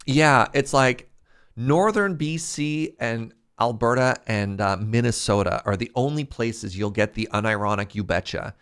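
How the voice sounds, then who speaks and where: A man's voice: mid-range voice, a little slow, a bit bright, clean tone. A man streaming a building game, chatting casually and thinking aloud as he builds. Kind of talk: casual livestream chat while playing.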